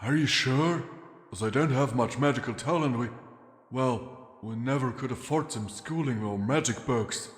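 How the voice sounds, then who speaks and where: A man's voice: medium pitch, normal speed, lightly acted. Man doing a worried, humble pony father. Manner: anxious and humble. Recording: long reverb with faint music.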